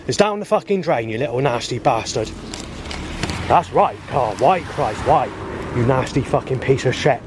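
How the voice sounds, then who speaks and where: A man's voice: medium pitch, lively intonation, normal speed, noisy background. A man, recording a rambling spoken video diary outdoors on a muddy path with a handheld camera, talking in an agitated, swearing way. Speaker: video diarist.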